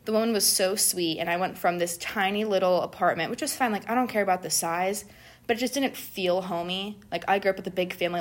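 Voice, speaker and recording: A young woman in casual conversation, telling a story in an animated way and acting out what people said, with many "like"s. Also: mid-range voice. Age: young adult. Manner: animated, acts out quoted people, says "like" often. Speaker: guest telling a study-abroad story.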